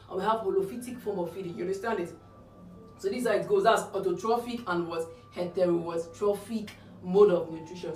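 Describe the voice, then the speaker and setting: A woman's voice: mid-range voice, distant mic. A woman tutors exam questions in a medium voice, posing rhetorical questions and answering them herself. She sits back from the mic in an echoey room. A faint hum of ambience runs underneath. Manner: checks understanding with frequent "okay?". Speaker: biology tutor. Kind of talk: exam-prep lesson explaining answers.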